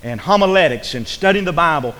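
A man's voice: on the high side, lively intonation, a little fast. Folksy preacher man in a reverberant church. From rural upbringing. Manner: preacherly, folksy, repeats phrases, swings from loud to hushed. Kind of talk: sermon. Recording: long hall reverb.

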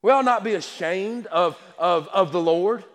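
A man's voice: high-pitched, measured pace. A man preaching a sermon with passion, repeating words and restarting his sentences. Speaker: pastor. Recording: long hall reverb.

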